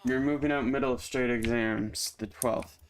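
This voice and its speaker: A man's voice: medium pitch, steady tone, normal speed. A man streaming a game, chatting casually and teasing his viewers while he plays, laughing often. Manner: joking, teasing, answers chat, laughs often. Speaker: gaming streamer. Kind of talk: casual live-stream chat over gameplay.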